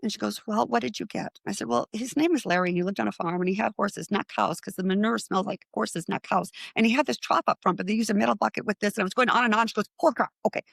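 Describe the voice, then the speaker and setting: A middle-aged woman, a guest on a podcast, telling animated stories and acting out the quoted lines. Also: medium pitch, quick pace, creaky, few pauses, no echo. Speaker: guest, psychic medium. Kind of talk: storytelling in a podcast interview.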